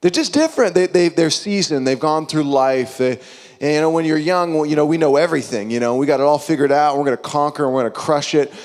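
Animated young preacher in a hall. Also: male voice, a little high, quick pace. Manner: animated, conversational, acts out quotes. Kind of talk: sermon.

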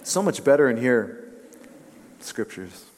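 A man preaching a sermon, telling stories with animation and dropping to a hushed voice for emphasis. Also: mid-range voice, slow. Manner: animated storytelling, drops to hushed tones for emphasis. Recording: long hall reverb.

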